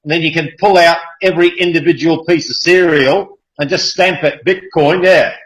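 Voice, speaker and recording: A man's voice: a little high, fairly even intonation, normal speed, poor audio. A man with an Australian accent hosting a casual online group call, chatty and enthusiastic, with many fillers. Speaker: hangout host. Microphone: video call.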